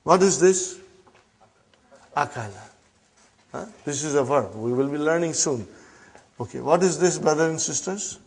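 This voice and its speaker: A man with a fairly high, breathy-edged voice teaches Arabic grammar to an online class. He says each phrase slowly, then explains it in quick English, calling his students brothers and sisters and checking whether they follow with a "huh?"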